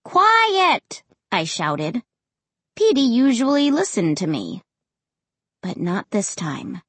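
A woman reading a first-person children's story aloud in an expressive, animated way. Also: mid-range voice, takes it slowly, slightly rough, no room sound. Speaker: audiobook reader.

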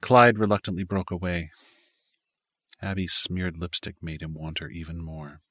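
A man narrates a story in a low voice with a bright, forward tone. He reads steadily in a scripted style and lightly shifts his voice for the dialogue. The recording is dry and close, with no room sound. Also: steady tone, moderate pace, no echo. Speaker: audiobook narrator.

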